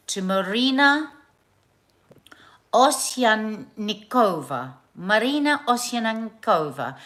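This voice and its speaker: A woman's voice: mid-range voice, fairly bright tone. An English woman hosting a casual live show, talking earnestly and with emotion, often restarting her sentences.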